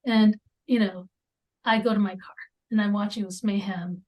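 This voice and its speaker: A woman talks as a guest in a relaxed interview. Her voice sits at an ordinary middle pitch. Her speech comes in halting stretches full of ums and restarts, and sometimes it sinks to near-whispers. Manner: halting, with many fillers and restarts; drops into near-whispers at times. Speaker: podcast guest. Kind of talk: conversational interview.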